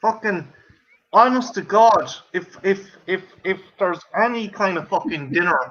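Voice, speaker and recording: An Irish man with a high, bright voice swears his way through lively stories in casual chat. The audio is dull and lo-fi. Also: a little slow. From Ireland. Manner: profane, animated storytelling. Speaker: co-host.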